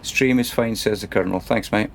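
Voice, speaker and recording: A man's voice: fairly low pitch, a little fast, creaky, noisy background. A man casually commenting while he plays a truck game on a stream, chatty and muttering to himself.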